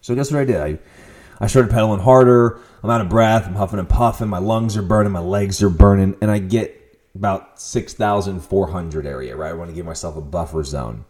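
A young man hosting a podcast, telling a story in a casual, profane monologue with sudden loud outbursts. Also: low voice, brisk. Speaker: podcast host.

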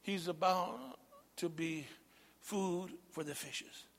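A man preaching a sermon, calling out to the congregation and building from quiet asides to loud shouts. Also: high-pitched, steady tone, slow pace, big-room sound.

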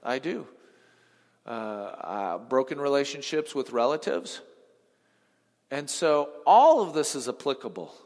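A male pastor preaching a sermon, swinging from emphatic lines to hushed ones and quizzing the congregation. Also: mid-range voice, very animated, a little slow, pauses often. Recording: long reverb of a large hall.

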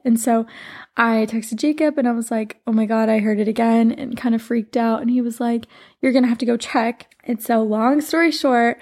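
A woman's voice: a little high, darkish tone. A woman in her twenties, a podcast host and life coach, telling a personal story in a rambling, earnest way full of "like". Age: 20s. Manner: rambling, heavy on "like", emotional and earnest.

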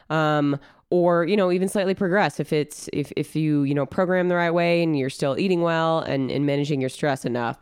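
A woman co-hosts a casual fitness podcast, her voice a little nasal from a recent cold. She sounds smooth and clear in a dry, close recording, and gives easygoing coaching advice full of fillers. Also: sits low, no echo. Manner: relaxed, filler-heavy, coaching tone. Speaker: podcast co-host and trainer.

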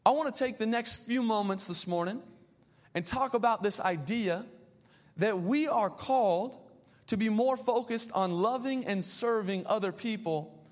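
Young male pastor, high-pitched, lively storytelling sermon, long reverb of a big hall. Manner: animated storytelling with playful asides.

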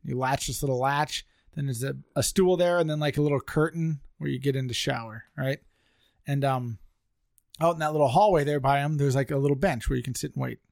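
A man with a gravelly, mid-range voice speaks a little fast as a podcast co-host, recorded dry in clean studio sound. He tells friends a funny story, animated and laughing along the way.

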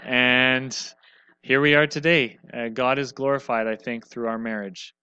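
Lively storytelling preacher man, dry sound. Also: medium pitch, measured pace, smooth, no room sound, highs cut off. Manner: lively storyteller, acts out quotes, wry humor. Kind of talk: sermon retelling a scripture story.

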